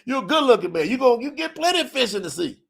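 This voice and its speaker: An insistent older father, loud and pitched up, who keeps repeating his reassurance in plain folksy words, as a man acts him out. His voice stays gravelly and swings widely in pitch. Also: sing-song, very fast, heavily acted. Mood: urging. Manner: urgent, repeats himself.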